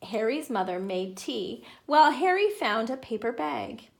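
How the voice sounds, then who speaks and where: A woman reading a children's picture book aloud in an animated, playful way. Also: a little high, a little slow, a little hiss or hum. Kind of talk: children's story read-aloud.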